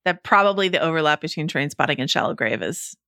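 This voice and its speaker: A woman's voice: low-pitched, lively intonation, quick pace, sharp tone, no room sound. Woman, podcast co-host, enthusiastic, emphatic, dry close sound. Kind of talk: casual chat.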